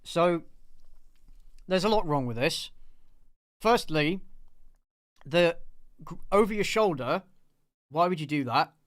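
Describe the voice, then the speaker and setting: A man hosting his channel talks through a film review in a casual, rambling live discussion, with fillers and the odd swear word. His voice is a little high and animated, slow-paced with frequent pauses, and there's no room sound.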